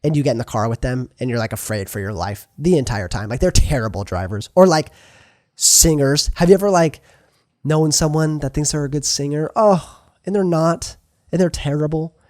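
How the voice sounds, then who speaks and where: A young man preaching a sermon in a lively, conversational way, asking his listeners questions. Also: on the high side, fairly quick, no echo, clean studio sound.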